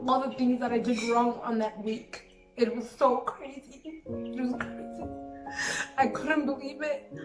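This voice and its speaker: A young woman in her late twenties recounts a loss in a reflective, grieving storytime monologue. Her voice sits a little high and is caught from a distance in a roomy space. Soft music plays underneath. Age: late 20s. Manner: reflective, heavy use of "like", grieving. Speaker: vlogger. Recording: roomy sound from a distant mic with background music.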